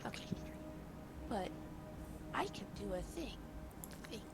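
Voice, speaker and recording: A woman's voice: mid-range voice, very animated, measured pace, very noisy. A woman playing a tabletop game, reading out her rules hesitantly. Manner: reads rules aloud hesitantly. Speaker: player. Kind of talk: casual tabletop play.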